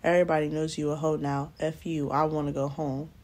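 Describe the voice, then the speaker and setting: A woman's voice: low voice, little pitch movement, brisk, a little mellow. A woman voicing a distraught, jealous young boyfriend who whines and accuses. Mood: upset.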